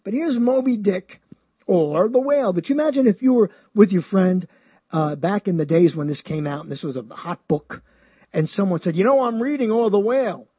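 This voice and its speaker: A man hosting a show, talking about books in a rambling, animated way, often chuckling and swinging his pitch high and low. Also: moderate pace, breathy edge, dry recording, lo-fi sound. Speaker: show host. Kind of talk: rambling radio-style talk about books.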